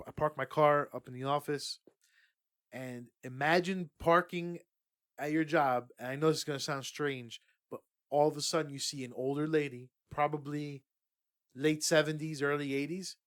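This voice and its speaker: A man in his early thirties telling a story in a casual podcast chat, swearing and acting out the people he quotes. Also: on the high side. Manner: animated, swears, acts out quotes. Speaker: podcast co-host.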